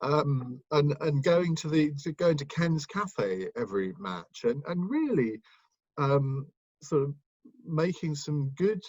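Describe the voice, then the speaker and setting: Male guest, husky, rambling anecdotal delivery, dull lo-fi mic. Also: a little high, sing-song, slow pace, darkish tone, no room sound. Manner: rambling, with many ums and restarts. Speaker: guest, broadcaster and author. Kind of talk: casual interview reminiscence.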